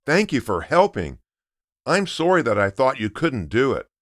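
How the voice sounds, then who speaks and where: A man's voice: mid-range voice, big pitch swings, normal speed, no echo, clean studio sound, voice pushed up, lightly acted. A man voicing a sulky little girl in a read-aloud storybook. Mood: sheepish. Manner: sulky, then apologetic. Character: grumpy little girl who hates vegetables.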